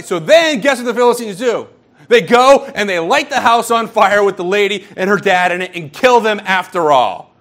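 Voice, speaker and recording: A man preaching a sermon in a church, retelling a story in a casual, animated way and acting out the people in it. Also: high voice, moderate pace. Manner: storytelling, acts out quoted characters casually. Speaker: pastor.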